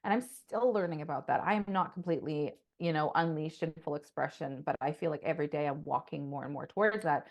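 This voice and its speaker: Woman on a podcast, kinda low voice, swearing a ton, rambling and fired up. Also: quick pace, few pauses. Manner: passionate, profane, rambling with many "like"s. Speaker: podcast co-host. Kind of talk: casual podcast monologue.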